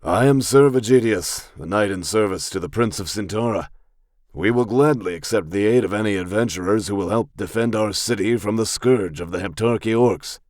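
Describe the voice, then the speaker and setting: A man's voice: fairly low pitch, moderate pace, darkish tone, no echo, clean studio sound, pitched above the performer's own voice, lightly acted. A man voicing a formal, noble male knight who speaks in stately, courtly phrases.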